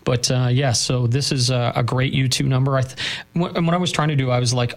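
A man's voice: mid-range voice, steady tone, fast. A middle-aged Canadian man co-hosting a radio show, chatting casually and rambling with fillers and self-corrections. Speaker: radio host. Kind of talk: casual on-air chat. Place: campus radio booth.

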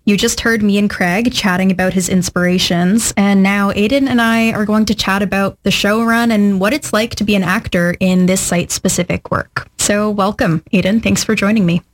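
A woman's voice: mid-range voice, steady tone, normal speed, few pauses. A woman host interviewing guests and introducing the segment in an upbeat way. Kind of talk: radio-style interview.

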